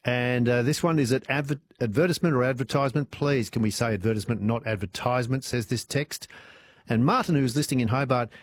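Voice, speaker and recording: A man's voice: medium pitch, a little fast. An Australian man hosting live talkback radio, chatty and rambling, with many fillers and restarts, speaking into a studio microphone. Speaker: radio host.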